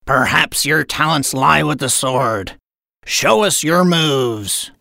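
A woman voicing a gruff grown male pirate captain in a storybook reading, with growling pirate talk. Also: deep voice, animated, takes it slowly, pushed and bright, no echo, studio quality, exaggerated voice.

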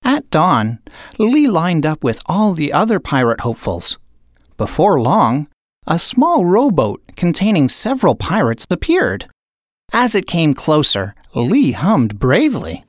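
Low, slow-reading woman storyteller. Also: no room sound, studio quality. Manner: expressive, unhurried. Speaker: narrator. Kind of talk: storybook read-aloud.

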